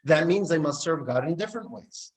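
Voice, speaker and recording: A man, likely a rabbi, giving a sermon and telling a story, acting out the characters' dialogue with lively expression. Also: fairly high pitch, fairly quick, rough recording. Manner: animated storyteller who acts out the dialogue.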